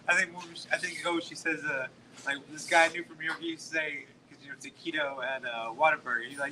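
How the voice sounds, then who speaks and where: Over a noisy background, this forties-aged podcast host from Texas talks fast in a slightly high, steady voice. He spins profane, meandering stories at a restaurant, leaning constantly on "like."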